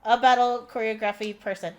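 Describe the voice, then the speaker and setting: A woman co-hosts a podcast in easygoing chat. She drops quick jokes and short quips between the recap. Her voice sits a little on the high side. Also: steady tone, muffled recording. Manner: joking, with short quips and backchannel agreement. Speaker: podcast co-host.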